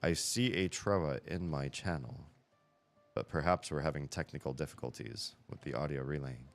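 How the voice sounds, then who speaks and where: Man, very low voice, casual live-stream chat, rambling self-corrections, faint music behind. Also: moderate pace. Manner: rambling, thinks aloud, frequent self-corrections. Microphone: headset.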